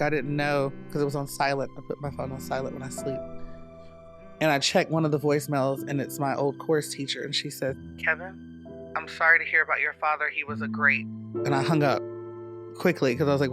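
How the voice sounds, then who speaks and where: A man from North Carolina tells his story in a reflective, measured way for a documentary interview. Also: on the high side. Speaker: dance company founder. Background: soft guitar music.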